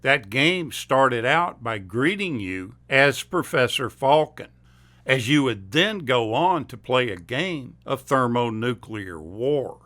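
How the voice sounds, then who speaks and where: A man narrating movie trivia as the host, reading a script in an unhurried, steady way. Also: mid-range voice.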